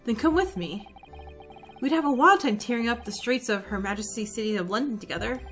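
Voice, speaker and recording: Woman doing a confident young lawyer guy, a bit lower, steady, faint game music behind. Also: fairly quick.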